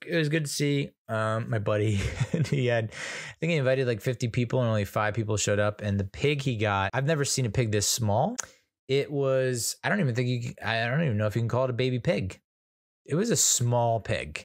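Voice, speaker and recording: A low, gravelly American man in his thirties tells a story in a loose comic ramble. He mocks himself and keeps stopping to restart his sentences. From United States. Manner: rambling, self-deprecating, many restarts. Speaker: comedian host. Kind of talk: casual comedic storytelling.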